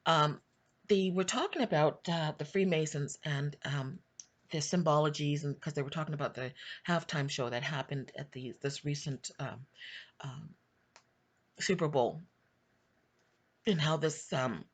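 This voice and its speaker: A woman's voice: deep voice, unhurried, pauses often. Chatty woman telling a rambling story. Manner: rambling, with frequent restarts and laughter. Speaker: online video host. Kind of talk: casual storytelling and spiritual reflection.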